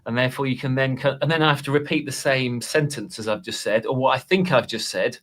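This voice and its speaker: A man chatting casually on a podcast about making course videos, self-deprecating and halting, restarting his sentences often. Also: mid-range voice, steady tone, a bit bright. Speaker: Excel course creator and guest.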